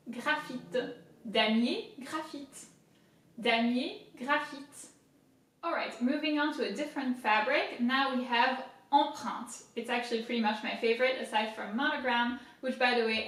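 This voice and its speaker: A woman's voice: a little high, a bit bright. A woman giving a casual video lesson on French pronunciation, patiently spelling words out syllable by syllable with light self-mocking humor. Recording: very echoey room, voice from a distance.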